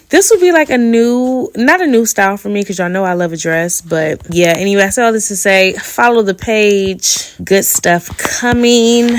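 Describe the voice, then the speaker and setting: A woman's voice: on the low side, vocal fry, a little hiss or hum. A young woman hosting a casual solo podcast, chatting with playful slang and laughing as she goes. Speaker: podcast host.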